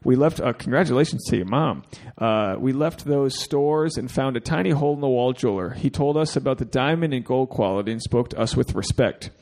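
This man's mid-range voice is brisk and darkish as he reads a listener's email aloud on the podcast he co-hosts. Along the way he makes jokes and crude asides, and he becomes teary.

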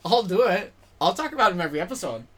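A woman's voice: on the low side, animated, fast talker, fairly bright tone. A young woman guest comedian in a casual chat, giggling often as she talks.

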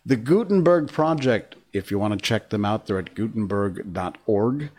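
A man introducing and reading a storybook aloud in a relaxed, chatty way. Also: lowish voice, normal speed. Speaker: storybook reader.

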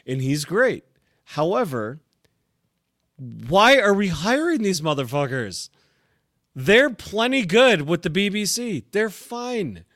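A man's voice: sits high, very animated, slow, a bit bright, dry recording, clean studio sound. Ranting, swearing man on podcast. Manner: profane, ranting. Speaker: podcast co-host. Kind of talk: casual chat.

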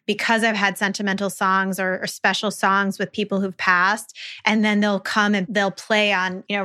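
A woman in her thirties chats on a podcast in a bright, ringing voice at a middling pitch. She talks things through in a reflective, spiritual way, circling back and restarting as the thoughts come. Her delivery is loose and conversational. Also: clear, resonant tone. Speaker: podcast co-host. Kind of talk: casual conversational podcast chat.

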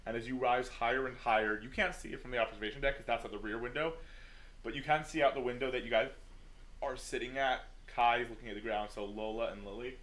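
A man running a tabletop game as game master, narrating in a relaxed way with many fillers. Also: mid-range voice, fast.

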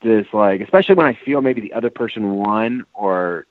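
A man's voice: fairly low pitch, expressive, moderate pace, no room sound, narrow, tinny audio. A man from Kentucky with a light Southern accent, chatting on a podcast in a rambling, hesitant way with lots of fillers. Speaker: podcast co-host. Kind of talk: casual chat.

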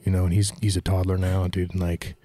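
A man speaking candidly and emotionally about his struggles, halting and repeating himself, filling his talk with "man" and "dude". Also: low voice, completely flat delivery, warm tone, dry recording. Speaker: guest. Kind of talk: candid confessional conversation.

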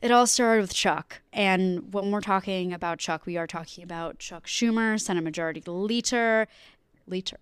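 Young woman, podcast co-host, smooth clear voice, dry close sound. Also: mid-range voice, moderate pace, no room sound. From United Kingdom. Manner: chatty, jokey asides. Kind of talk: casual news chat.

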